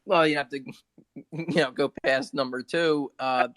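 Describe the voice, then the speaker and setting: A man in a casual online audio chat, calmly explaining with frequent restarts. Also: mid-range voice, a little slow, dry recording. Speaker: discussion participant explaining the thread. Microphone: phone app audio room.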